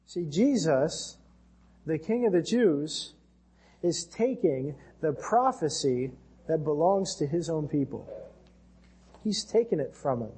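A male pastor with an American accent delivers an earnest sermon, his voice husky and mellow. He sits a little high in pitch and climbs higher for scripture readings. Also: expressive, slow, pauses often.

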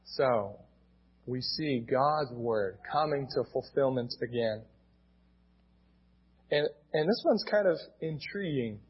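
A man's voice: medium pitch, lively intonation, takes it slowly, pauses often, slightly rough, lo-fi sound. A male pastor with an American accent, preaching a sermon in a plain teaching tone and often restarting his words.

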